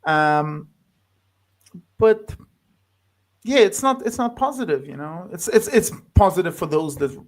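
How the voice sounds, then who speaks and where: A man speaking as a guest in a casual chat about a film, halting and loose, full of fillers and restarts. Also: high-pitched, expressive.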